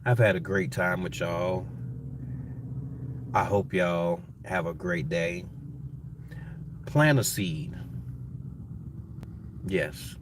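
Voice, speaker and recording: A man's voice: low voice, very slow, pauses often. A middle-aged man, chatting casually with viewers on a gardening livestream, rambling and calling them y'all. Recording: distant mic with faint background noise.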